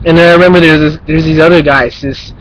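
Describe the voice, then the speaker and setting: A young man with a slightly high voice tells a rambling story in a casual spoken message. He talks in an animated way, with lots of fillers and sound effects. A faint hiss sits under his voice. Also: fast, low-quality recording. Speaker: vlogger addressing his twin brother.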